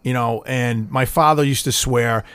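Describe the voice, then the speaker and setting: A man's voice: medium pitch, steady tone, moderate pace, a bit bright, smooth, no room sound. A middle-aged man telling swear-filled family stories in a casual podcast chat, acting out quotes. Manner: profane, storytelling with acted-out quotes. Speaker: podcast co-host.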